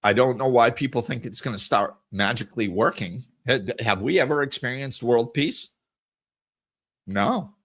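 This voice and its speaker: At normal speed and medium pitch, with a fairly bright tone, a middle-aged podcast host delivers an earnest reflection on scripture and the inner life. He repeats and corrects his words often as he goes.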